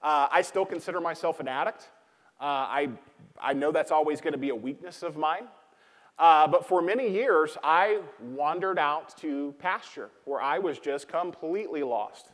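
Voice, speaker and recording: A man's voice: on the high side, normal speed, a bit bright. A man preaching a sermon as pastor, speaking in a loose conversational way with many fillers and repeated key lines. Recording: long hall reverb.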